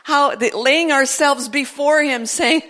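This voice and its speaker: A woman preaching a sermon in a church service, animated and building to emphatic declarations. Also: sits high, takes it slowly.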